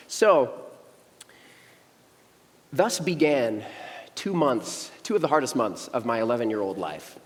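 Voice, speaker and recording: A man's voice: medium pitch, lively intonation, normal speed, pauses often. A man in his thirties preaching as a young adults pastor, telling a funny story in a casual, playful way and acting out voices, in a church sanctuary. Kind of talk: humorous storytelling sermon. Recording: long church reverb.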